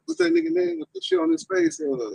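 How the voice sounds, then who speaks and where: A man's voice: very high voice, level tone, quick pace, vocal fry, dark tone, no echo, low-quality recording. A man preaching casually and reading scripture aloud with an emphatic, jumpy delivery. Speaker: co-teacher in a group discussion.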